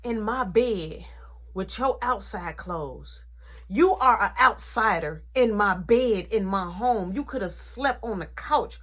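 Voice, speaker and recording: A woman voicing her stern, fed-up mother scolding a guest with slow, pointed questions. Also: medium pitch, expressive, a bit bright, pitched below the performer's own voice.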